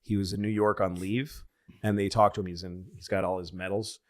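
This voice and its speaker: A man chatting on a comedy podcast, wandering from point to point. He loses his train of thought often and jumps into loud impressions of the people he describes. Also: sits low, level tone, brisk. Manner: rambling, loses his train of thought, acts out quotes loudly. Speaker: podcast co-host. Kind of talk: casual comedic rambling chat.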